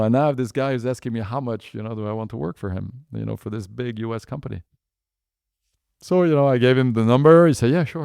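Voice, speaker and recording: A man's voice: mid-range voice, gravelly, dark tone, clean tone, no room sound, clean studio sound. A man in his fifties with a French accent, telling a business story in a chatty way full of fillers. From France. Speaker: guest entrepreneur. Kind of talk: anecdotal storytelling.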